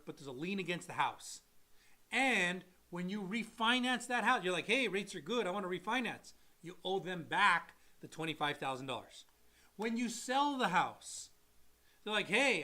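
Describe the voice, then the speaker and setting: A man who is a loan officer and co-host, giving casual mortgage advice and acting out people in quick quoted voices. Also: high voice, bright, forceful tone. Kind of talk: casual live-stream advice talk.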